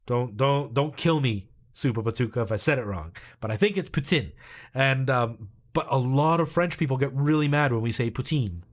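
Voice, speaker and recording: Chatty male game streamer from El Salvador, mid-pitched, talks to chat. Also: moderate pace. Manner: chatty, explains at length. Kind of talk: casual live-stream chat with viewers.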